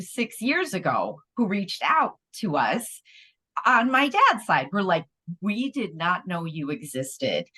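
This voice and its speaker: A middle-aged woman co-hosting a podcast in casual chat, expressive and quick to exclaim. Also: mid-range voice. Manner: expressive, exclaims, restarts sentences. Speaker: podcast co-host.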